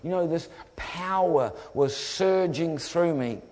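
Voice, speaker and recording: Kiwi guy preaching, funny storytelling, bit high voice, hall echo all around. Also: slow. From New Zealand. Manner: lively storyteller acting out voices. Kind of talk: humorous testimony sermon. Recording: long hall reverb.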